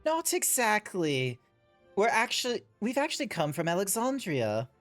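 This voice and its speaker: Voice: medium pitch, huge pitch swings, fairly bright tone, voice pushed up. Formal, polite game adventurer, read by a streamer. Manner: measured and formal. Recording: background music under the voice.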